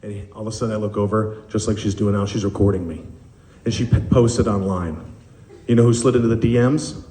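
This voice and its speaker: A man doing a stand-up comedy set on a club stage, telling animated stories with acted-out quotes, audience laughter behind him. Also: on the low side, fairly quick, reverberant.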